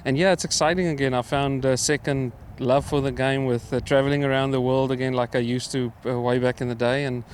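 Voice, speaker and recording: A middle-aged man from South Africa, a professional golfer answering interview questions in a relaxed, hesitant way with many fillers. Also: medium pitch, fairly quick, hardly any pauses, a little hiss or hum. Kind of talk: casual interview. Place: outdoors at a golf course.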